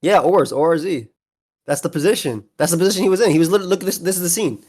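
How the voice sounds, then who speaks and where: A man's voice: high voice, fast talker, a crowd in the background. Man, podcast host, casual chat, eager storyteller, trips over words. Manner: animated, retells scenes in detail with many restarts.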